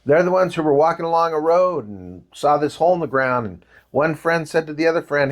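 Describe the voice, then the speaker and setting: A man's voice: fairly high pitch, brisk. An older man giving a talk to parents, telling stories with acted-out quotes and asking the audience questions. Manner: animated storytelling with acted quotes. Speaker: presenter.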